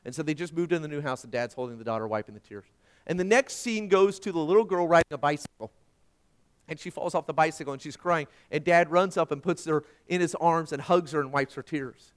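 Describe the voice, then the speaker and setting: A middle-aged man preaching a sermon, telling a personal story and swinging from hushed tones to loud emphasis. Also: fairly high pitch, brisk, smooth. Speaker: pastor.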